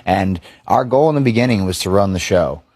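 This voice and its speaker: A man talking casually in an interview, animated and emphatic. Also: low-pitched, a little fast, no room sound. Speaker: interviewed wrestler and storyteller.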